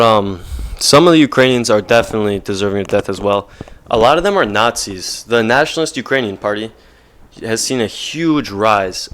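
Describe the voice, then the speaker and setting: A man's voice: fairly low pitch, a bit bright. A man giving casual, rambling commentary to viewers, slangy and loose, full of fillers. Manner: slangy, rambling, heavy use of fillers like and bro. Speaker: vlogger.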